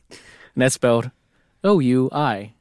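A man's voice: mid-range voice, darkish tone, no echo, studio quality. A man co-hosting a casual podcast chat, joking around, playing with words and laughing often. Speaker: podcast co-host.

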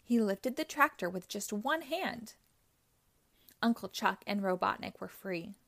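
Slow, careful woman reading a kids' storybook. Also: medium pitch, lively intonation, gravelly, fairly bright tone. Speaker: children's book reader. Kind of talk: read-aloud storybook narration.

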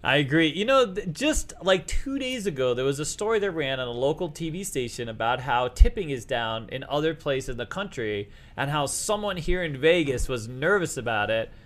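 A man's voice: a little high, animated, moderate pace, hardly any pauses, a bit bright. A middle-aged man with a Boston accent hosting a casual podcast chat, rambling and joking as he restarts his sentences. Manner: rambling, jokey, self-interrupting. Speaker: podcast host.

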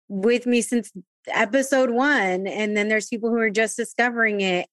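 A woman's voice: medium pitch, dry recording, studio quality. A woman hosting a podcast, chatty and gushing, sprinkling Spanish words into her English. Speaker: podcast host. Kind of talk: casual interview chat.

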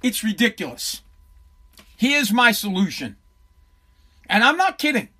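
A man's voice: high voice, sing-song, a little slow, pushed and bright, breathy edge. A man in his forties giving a blunt, profane, heated commentary. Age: 40s. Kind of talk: ranting commentary.

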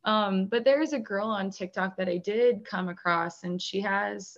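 A woman in casual chat, talking in a relaxed, rambling way with lots of fillers and frequent laughs. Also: mid-range voice, normal speed, few pauses, dull audio. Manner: chatty, many "like" fillers, laughs often.

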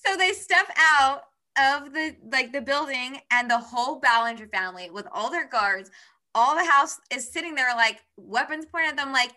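Bright-voiced young woman retelling a story. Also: high voice, normal speed. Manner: animated storyteller, voices characters' lines. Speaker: book podcast co-host. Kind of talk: casual chat retelling a book plot.

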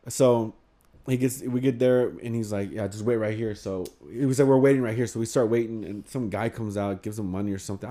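A man's voice: on the low side, mellow. A young man, telling a long story in a casual chat with friends, rambling, swearing and acting out what people said. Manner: rambling, swears often, acts out quotes.

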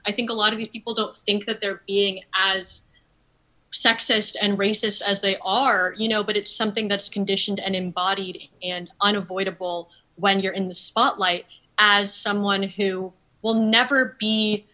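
A woman guest on a podcast, explaining her views earnestly and fluently, with many "like" and "you know" fillers. Her voice is bright and sharp. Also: medium pitch, little pitch movement, poor audio. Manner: earnest, articulate, fast talker with fillers. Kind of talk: conversational interview.

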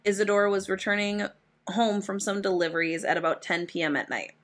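A woman's voice: mid-range voice, steady tone, a little fast, a bit bright. A woman co-hosting a casual true crime podcast, telling the story with swearing and frequent laughter. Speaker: podcast co-host.

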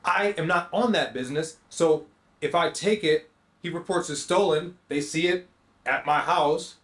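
A man hosting a podcast, telling a story in a slangy, animated way and acting out both sides of the conversation. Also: on the high side, unhurried. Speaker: podcast host. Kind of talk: storytelling monologue. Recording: roomy echo.

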